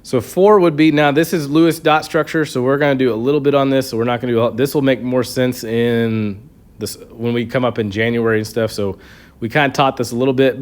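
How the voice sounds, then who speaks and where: A man teaching a chemistry review lesson, explaining step by step with a patient manner and frequent checks of "okay". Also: medium pitch. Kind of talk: recorded classroom review lesson.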